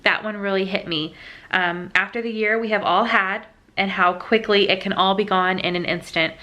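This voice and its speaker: A young adult woman vlogger in an emotional, heartfelt sit-down chat, halting and tearful at times. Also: mid-range voice, fairly even intonation, pushed and bright.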